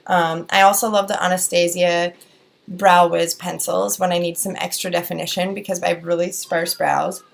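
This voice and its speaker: A young woman with a Wisconsin accent reviews a beauty product as a vlogger, chatting casually and rambling with plenty of fillers and restarts. Her voice is on the low side and gravelly, with a flat delivery at a moderate pace.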